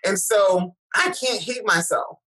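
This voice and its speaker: Animated woman telling stories. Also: mid-range voice, slow pace, low-quality recording. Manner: animated storyteller, acts out quoted voices. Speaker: guest speaker. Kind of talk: casual chat.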